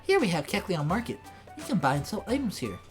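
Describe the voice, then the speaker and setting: A woman's voice: on the low side, quick pace, soft background music. Woman doing a folksy Southern beaver Pokémon. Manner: folksy Southern drawl, excitable, says 'by golly'. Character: eager, humble young male beaver Pokémon.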